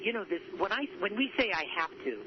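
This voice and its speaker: A man's voice: high-pitched, animated, fast talker. A man being interviewed about his book, telling stories in an earnest, upbeat way with frequent restarts. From southern California. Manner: earnest, repeats himself, upbeat. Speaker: author and guest. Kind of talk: conversational interview storytelling. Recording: muffled audio with faint noise.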